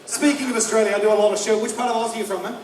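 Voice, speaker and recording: A North American man delivers a brash, swearing stand-up set full of mocking impressions, his high-sitting voice fairly even in intonation and rapid-fire. The live comedy venue is echoey, the mic distant, with crowd noise and laughter.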